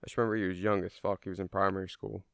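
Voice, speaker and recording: A man's voice: low-pitched, level tone, racing, creaky, a bit bright, no echo, studio quality. A young man telling a personal story in a casual, rambling way, swearing freely and using lots of fillers. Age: young adult.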